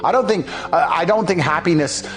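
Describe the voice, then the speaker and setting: Blunt man lecturing over soft music. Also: fairly high pitch, a little fast. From England. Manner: mocks others by acting out their excuses. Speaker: motivational speaker. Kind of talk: motivational speech. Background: faint background music.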